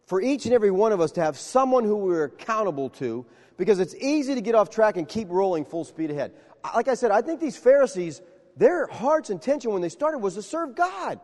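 A man preaching a sermon, telling stories with animated acted-out dialogue. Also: sits high, big-room sound. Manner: animated storytelling, acts out dialogue. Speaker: pastor.

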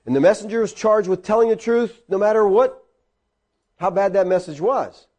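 A man preaching a conversational sermon, teaching a class and putting questions to them. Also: normal speed. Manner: animated, swings between high and low pitch. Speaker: pastor.

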